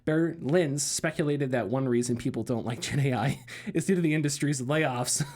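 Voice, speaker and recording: A man's voice: mid-range voice, moderate pace, darkish tone. A man co-hosting a gaming podcast, talking loosely with lots of fillers and sarcastic asides, laughing easily. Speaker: podcast co-host. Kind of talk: casual gaming news chat.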